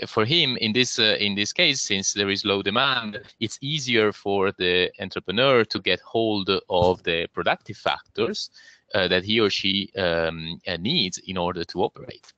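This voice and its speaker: A man's voice: fairly low pitch, sharp tone, dry recording. A man co-running a webinar, explaining a text with many "uh" fillers over a video call. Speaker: co-organiser. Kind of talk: academic webinar discussion. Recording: dry, dull video call audio.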